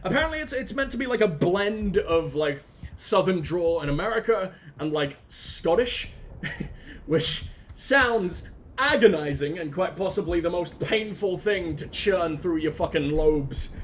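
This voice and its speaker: A man rambling excitably through gameplay commentary, swearing freely. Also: sits high, measured pace. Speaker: let's play host.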